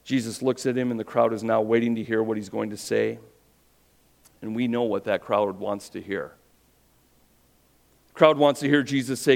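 A pastor preaching a sermon, telling a story with rhetorical questions and dropping his voice quiet for emphasis. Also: fairly low pitch, fairly even intonation, moderate pace, vocal fry, pauses often.

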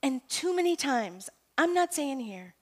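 Woman, Bible teaching talk, fairly high voice, animated, soft to loud, conversational. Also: a little slow. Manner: animated, swings from soft reading to loud emphatic asides; conversational, self-correcting.

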